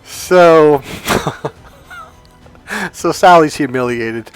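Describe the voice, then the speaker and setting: A man's voice: a little high, very slow, smooth. Man, dating coach, casual monologue, emphatic, faint background music. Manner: animated storytelling, emphatic.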